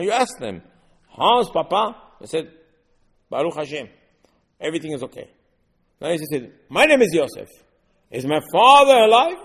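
Animated man teaching Torah, echoing hall. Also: fairly high pitch, breathy edge. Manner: animated, rhetorical questions, quotes verses in Hebrew. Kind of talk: Torah class in English.

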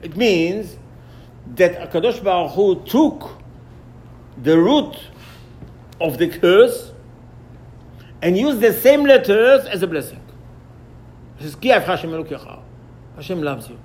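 Male rabbi, slightly high voice, animated lesson style, acts out dialogues. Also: slow, pauses often. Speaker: rabbi teaching Torah. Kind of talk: Torah lesson.

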